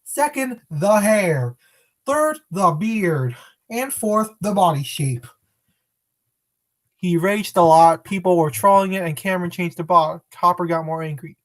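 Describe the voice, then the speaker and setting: A woman's voice: lowish voice, animated, measured pace. A woman casually chatting on a live stream, rambling, correcting herself, and greeting viewers by name.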